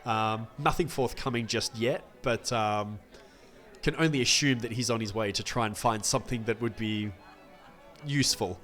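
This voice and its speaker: A man narrating a tabletop game as game master in a relaxed, hesitant way. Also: lowish voice, normal speed, faint music behind.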